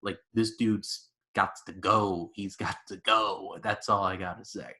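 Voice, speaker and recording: A man's voice: lowish voice, unhurried. A man in his twenties hosting a podcast, chatting casually and animatedly about movies with plenty of "like". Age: 20s. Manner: animated storyteller, lots of "like". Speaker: podcast host. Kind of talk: casual movie review chat.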